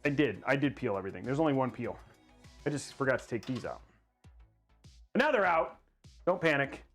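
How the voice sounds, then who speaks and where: A man hosting a casual livestream while building a PC, excitable and rambling as he hypes the viewers' goals. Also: mid-range voice, brisk, faint music behind.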